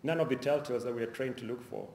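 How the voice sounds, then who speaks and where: A man reads his own crime fiction to an audience in a university lecture hall, measured and steady, now and then restarting a phrase. His mid-pitched voice carries a roomy echo, with a faint hum of the hall behind it. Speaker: author reading his fiction. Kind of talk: public reading of a novel.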